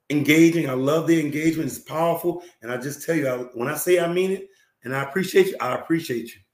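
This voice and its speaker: A man hosts a talk show in a hoarse voice, still clearing his throat and coughing now and then. He speaks earnestly and circles back over his points with plenty of fillers. His voice sits a little high, and it sounds roomy and echoey. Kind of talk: live-stream talk show, reading viewer comments.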